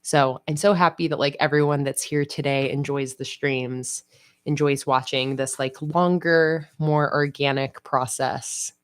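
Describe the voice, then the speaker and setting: Slow-talking, low-voiced woman streamer. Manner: chatty, relaxed, lots of "like". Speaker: livestream host. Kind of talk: casual livestream chat while planning.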